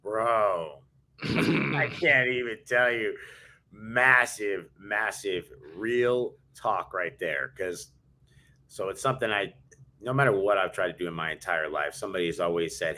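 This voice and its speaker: A man's voice: fairly low pitch, moderate pace, fairly bright tone. A man co-hosting a podcast, telling stories in a fired-up, emphatic way. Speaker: podcast co-host. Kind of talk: casual chat.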